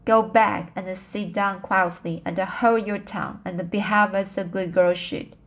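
A stern, brisk middle-aged spinster, read by a woman in an amateur audiobook. She speaks slowly and deliberately, stumbling and restarting now and then, in a voice close to the reader's own. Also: mid-range voice, steady tone, lightly acted. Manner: plain reading with slips and restarts.

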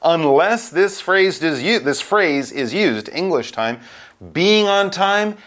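A man co-hosting an English lesson, explaining a phrase to learners with clear, patient delivery and acted example quotes. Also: high voice, expressive, takes it slowly, fairly bright tone. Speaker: co-host of an English lesson podcast.

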